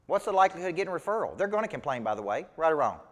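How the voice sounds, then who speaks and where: A business coach with a Southern US accent teaches a live seminar audience, his voice slightly high and racing, a bit bright, with big pitch swings. His motivational delivery is emphatic and folksy, packed with rhetorical questions, and a long reverb tail trails his words.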